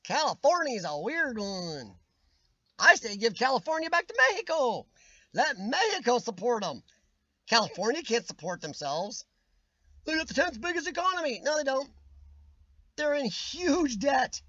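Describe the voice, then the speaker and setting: A man's voice: extremely high pitch, very animated, a little slow, pushed and bright, dry recording, lo-fi sound. A man hosting a casual live-stream chat, ranting with strong opinions and answering viewers' comments by name, his voice starting to wear out. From United States. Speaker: livestream host reading chat.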